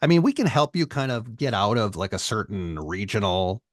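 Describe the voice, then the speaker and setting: Man, low voice, relaxed host explaining things, dry close sound. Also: normal speed, no echo. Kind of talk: live online class Q&A.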